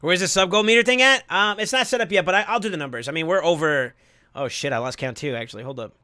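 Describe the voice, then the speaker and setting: A man streaming live, casually chatting and thanking viewers, excitable with sudden yells, his voice going hoarse from yelling. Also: on the high side, fast talker, no echo, clean studio sound.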